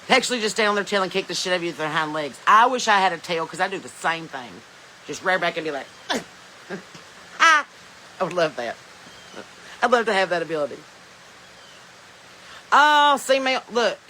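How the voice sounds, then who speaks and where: A Southern US woman hosts a casual live stream from her smartphone, rambling, laughing a lot, and reading viewer comments aloud. Her voice is lowish, animated, and a little fast, with frequent pauses and a sharp tone. The recording is rough, with slight background noise.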